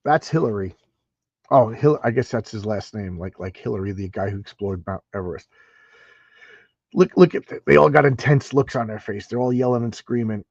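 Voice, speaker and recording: A man's voice: lowish voice, normal speed, gravelly, darkish tone, no room sound, dull audio. A man casually reading through an old comic and commenting on it, rambling with restarts and asides. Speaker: comic book reviewer.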